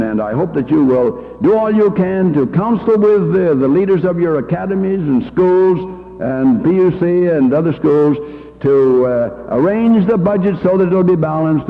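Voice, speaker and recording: A man's voice: a little high, vocal fry. An older man and church education leader giving a folksy, anecdotal talk full of homespun stories and fillers, heard on an old reel-to-reel recording. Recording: tinny old reel-to-reel in a hall.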